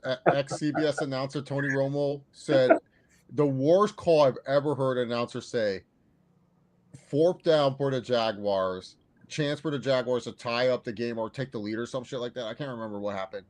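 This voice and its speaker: A young man co-hosting a casual sports podcast, talking fast and loose, swearing and imitating commentators. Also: medium pitch. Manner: animated, swears, mimics commentators. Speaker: podcast co-host.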